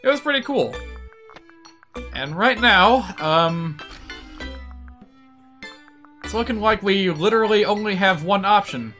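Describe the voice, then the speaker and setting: A man's voice: high-pitched, animated, slow, long pauses, sharp tone, soft background music. A man giving casual, joking commentary while streaming a video game. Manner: chatty, joking asides with laughs.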